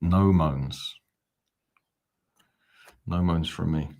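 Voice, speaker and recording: A man's voice: sits low, extremely slow, darkish tone, a little hiss or hum. A man hosting a live football fan watch-along, calling the play and chatting back to viewer comments. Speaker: fan channel host.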